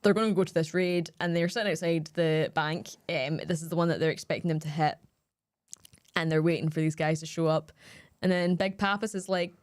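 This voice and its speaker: A woman co-hosting a casual film chat podcast, recapping scenes in a chatty, animated way with frequent laughter. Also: low-pitched, a little fast. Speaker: podcast co-host.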